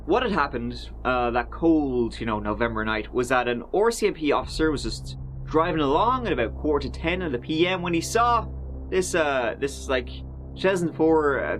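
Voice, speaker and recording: A man's voice: fairly high pitch, fairly bright tone. A man narrating a true crime story in a casual, chatty way, with fillers and offhand asides.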